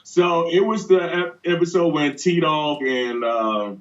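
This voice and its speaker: Appearing as an interview guest, a male actor tells anecdotes in a laid-back, relaxed storytelling style and laughs a lot. His voice sits on the high side and moves slowly, and the recording has a dull lo-fi sound.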